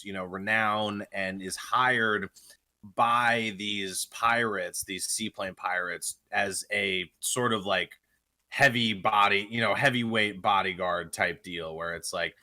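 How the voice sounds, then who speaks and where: A man's voice: lowish voice, steady tone, measured pace, sharp tone. A young man co-hosting a movie podcast, recapping the plot casually with lots of fillers. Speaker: podcast co-host.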